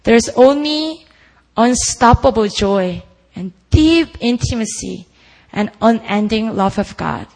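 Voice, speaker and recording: A woman's voice: mid-range voice, unhurried, gravelly, a little mellow, rough recording. A woman preaching a sermon at a prayer meeting, earnest and full of rhetorical questions put to the listeners.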